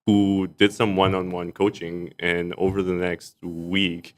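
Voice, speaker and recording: Low-voiced man telling lively stories. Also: a little slow. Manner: animated, laughs often while telling stories. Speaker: arts executive director and stage actor, podcast guest. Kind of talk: casual storytelling in a podcast chat.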